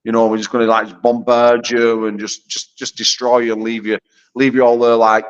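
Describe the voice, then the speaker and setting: A man's voice: medium pitch, little pitch movement, normal speed, smooth, highs cut off. A British man trash-talking in a brash, profane, casual chat as a guest on a video call. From United Kingdom. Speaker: arm wrestler guest.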